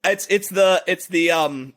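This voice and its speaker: A man co-hosting a podcast, rambling in casual banter and breaking into sung and shouted bits. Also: high voice, expressive, normal speed. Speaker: podcast co-host.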